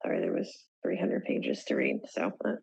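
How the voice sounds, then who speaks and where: A woman with a lively, gravelly voice speaks as a member of a board, her voice recorded dry and close. She thinks aloud while hunting for a detail, trailing off and hedging. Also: very deep voice, normal speed, dry recording, poor audio. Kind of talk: meeting discussion.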